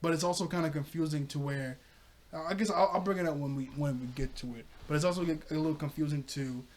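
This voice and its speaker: A man's voice: a little high, fairly even intonation, quick pace. A young man casually recapping and reviewing a cartoon episode, chatty, laughing often and acting out quoted lines.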